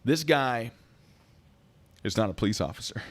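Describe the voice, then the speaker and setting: A man's voice: medium pitch, expressive, normal speed, fairly bright tone, natural voice. A man imitating an older male TV talk-show host with a dramatic, showman-like delivery. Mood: theatrical.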